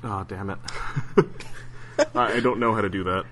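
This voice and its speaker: A man's voice: fairly low pitch, steady tone, moderate pace, bright, forceful tone, a little hiss or hum. A man answering questions in a casual podcast chat, hesitant, with many fillers and restarts. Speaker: interview guest.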